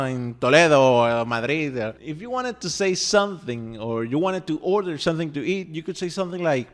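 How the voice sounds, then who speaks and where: A man whose first language is Spanish, teaching a language lesson in a playful, chatty way and checking in with the listener often. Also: fairly high pitch. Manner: animated, playful, chatty with frequent "okay?" check-ins. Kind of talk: lively scripted language lesson.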